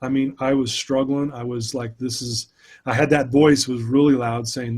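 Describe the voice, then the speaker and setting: Level in tone and a little mellow, this mid-range male voice keeps a normal pace. A speaker and mentor, he candidly and earnestly recounts his own hardships during an interview.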